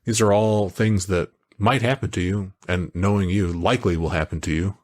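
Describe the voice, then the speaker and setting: A man co-hosting a podcast, talking in a casual, animated way that wanders through stories. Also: deep voice, normal speed. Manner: animated, storytelling, digressive. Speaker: podcast co-host. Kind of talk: casual chat.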